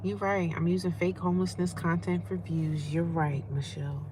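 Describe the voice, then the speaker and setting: A vlogger livestreaming from a homeless shelter chats casually and playfully with commenters, calling them "girl" and "sis." Her voice is fairly low with little pitch movement, at normal speed, over a noisy background.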